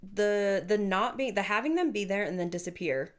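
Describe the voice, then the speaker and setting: A woman's voice: medium pitch, moderate pace. A woman co-hosting a casual podcast, reading listener stories aloud and reacting with playful teasing. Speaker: podcast co-host.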